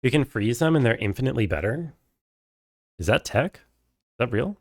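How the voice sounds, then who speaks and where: A man's voice: mid-range voice, expressive, normal speed, no room sound, studio quality. A man streaming a first playthrough of a game, chatting casually with viewers and reading dialogue aloud.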